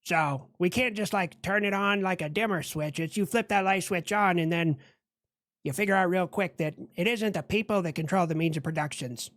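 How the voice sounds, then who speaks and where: A crude, brash bomber plane. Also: male voice, high-pitched, moderate pace, a bit bright, dry recording, studio quality. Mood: sarcastic. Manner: crude, sarcastic. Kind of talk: comedic animated skit dialogue.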